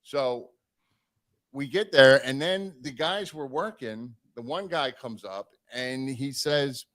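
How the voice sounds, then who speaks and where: Telling a lengthy story from the road on a live stream, a man swears and gets animated, performing the voices of the people he quotes. He speaks at a medium pitch.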